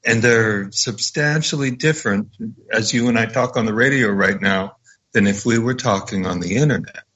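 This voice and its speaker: A man's voice: fairly low pitch, normal speed, fairly bright tone. A man talking on a radio show, rambling off on tangents. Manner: rambling, digressive. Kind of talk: conversational radio talk. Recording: dull lo-fi sound.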